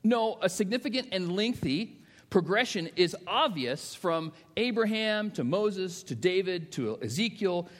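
A man's voice: high voice, lively intonation, a little slow. Man preaching in an echoing hall. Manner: storytelling, swings from hushed to emphatic. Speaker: pastor. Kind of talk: sermon. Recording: long reverb of a large hall.

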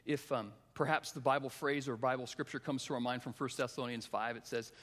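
A middle-aged male pastor preaching a sermon, telling a personal story with animated voices for his children. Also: medium pitch, a little fast. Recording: long hall reverb.

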